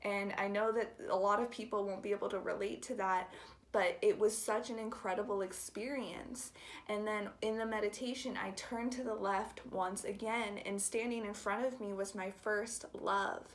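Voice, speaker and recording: Young woman vlogger, heartfelt personal story, gentle and hesitant, occasional whispered phrases. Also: medium pitch, steady tone. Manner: soft, halting and heartfelt, drops into whispers.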